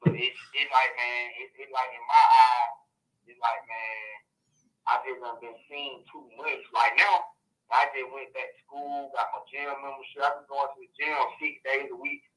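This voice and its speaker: A man's voice: medium pitch, normal speed, rough recording. A man calling in to a podcast, telling a long personal story in a casual, profane way and acting out what others said. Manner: profane, animated storytelling with quoted dialogue.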